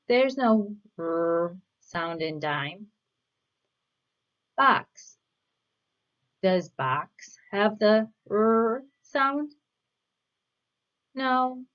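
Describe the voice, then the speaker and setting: A woman leads a children's reading lesson at a very slow, deliberate pace, pausing after each question. Her words are spaced out and clearly spoken. The recording sounds slightly dull and lo-fi. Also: medium pitch. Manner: patient, asks questions and pauses for answers. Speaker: reading teacher.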